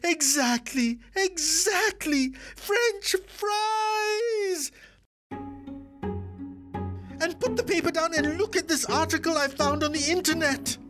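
A man voicing a shrill, excitable middle-aged Hindu housewife who shrieks in frantic outrage. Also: slow pace, soft background music, full character voice. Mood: outraged.

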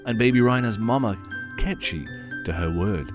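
A man's voice: fairly low pitch, big pitch swings, normal speed, over music. A man performing a short story aloud, with theatrical, old-fashioned inverted phrasing. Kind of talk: scripted story narration.

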